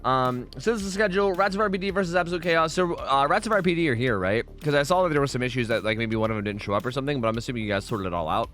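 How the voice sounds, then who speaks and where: A man's voice: medium pitch, animated, very fast, hardly any pauses, fairly bright tone, soft background music. A man hosting a casual livestream who swears a lot, rambles, and keeps thanking subscribers.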